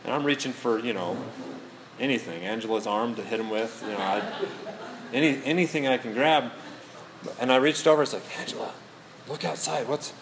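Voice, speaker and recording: Middle-aged male pastor, mid-pitched voice, folksy self-deprecating storyteller in the pulpit, faint room noise. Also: fairly quick, pauses often. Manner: storytelling, self-mocking humor. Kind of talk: sermon.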